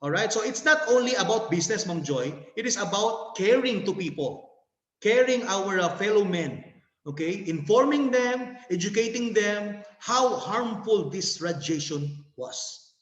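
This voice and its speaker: A man's voice: sits high, expressive, measured pace, fairly bright tone. Filipino man, sales presenter, nervous laughs and restarts; dull, reverberant video-call sound.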